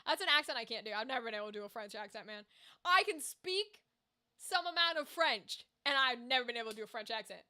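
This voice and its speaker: High, bright-voiced American woman streamer. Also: quick pace. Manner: chatty and animated, reads viewer comments aloud, swears casually. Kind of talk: casual livestream chat.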